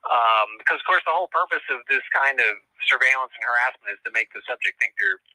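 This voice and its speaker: A middle-aged man recounts a strange tale as an interview guest, stopping and restarting his sentences with many fillers. His voice is very bright and forceful, and it is recorded dry and close, with no room sound. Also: mid-range voice, lively intonation, no room sound, low-quality recording. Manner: halting, full of fillers and restarts. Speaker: guest author and lecturer. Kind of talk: casual storytelling interview.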